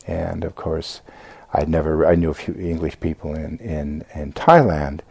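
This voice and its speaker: An older American man gives a reflective Buddhist talk with a deep voice. His tone is gravelly and mellow. He stops and restarts often and fills the gaps with "uh" and "you know.". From United States. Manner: halting, with many fillers and restarts. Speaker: Buddhist teacher giving a talk.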